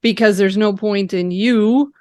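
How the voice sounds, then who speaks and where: A woman's voice: mid-range voice, a little slow, mellow, dry recording, clean studio sound. A woman guest in an interview, speaking reflectively and giving practical advice. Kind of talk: conversational interview.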